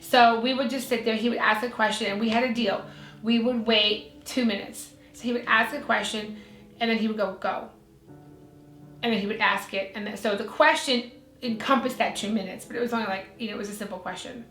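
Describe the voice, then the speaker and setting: A woman's voice: fairly high pitch, fairly quick. A middle-aged woman, a guest psychic medium, telling a story in casual chat and acting out the people in it. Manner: animated storyteller, acts out the people in her story. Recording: echoey room, faint music.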